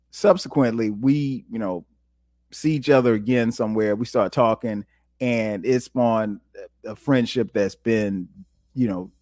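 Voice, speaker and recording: A middle-aged man from South Carolina hosting a podcast, telling casual stories and jumping to a high voice when he quotes himself. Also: no room sound, studio quality. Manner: animated, jumps to a high voice when quoting himself. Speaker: podcast host. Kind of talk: casual storytelling monologue.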